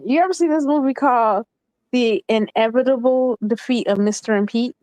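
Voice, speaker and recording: High-voiced chatty woman on a call. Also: a little fast, a little mellow, no room sound, low-quality recording. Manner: chatty, rambling with many fillers. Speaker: call-in panelist. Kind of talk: casual chat.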